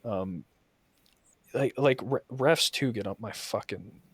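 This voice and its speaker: A man's voice: lowish voice, slow, husky, no echo. Swearing man ranting about coaching. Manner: profane, heated storytelling. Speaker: podcast host and soccer coach. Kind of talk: casual podcast chat.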